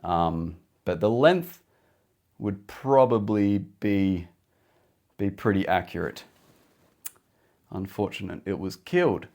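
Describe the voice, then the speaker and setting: A man's voice: sits low, slow pace, long pauses, darkish tone. A man hosting a podcast, talking casually through facts with jokey asides. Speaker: podcast host. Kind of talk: casual solo podcast talk.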